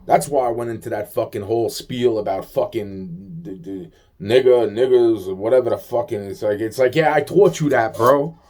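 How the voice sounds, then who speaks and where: A man's voice: medium pitch, moderate pace, darkish tone. A man venting in a rambling casual monologue, agitated, profane and full of repeated fillers.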